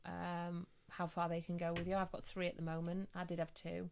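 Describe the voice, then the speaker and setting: A woman's voice: fairly low pitch, creaky, a little hiss or hum. Chatty woman medium. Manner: lively storyteller, quick bursts of laughter. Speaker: psychic medium guest. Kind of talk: casual podcast chat.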